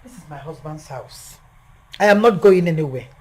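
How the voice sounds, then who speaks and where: A woman's voice: sits low, lively intonation, moderate pace, darkish tone. A woman with a Nigerian accent playing a defiant widow who refuses to leave her house in a film drama. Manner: defiant, insistent.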